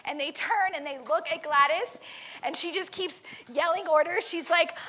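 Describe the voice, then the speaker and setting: Very high, bright woman telling a story. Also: moderate pace. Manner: animated, dramatic, quizzes the listeners. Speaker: camp teacher. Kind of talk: storytelling to children.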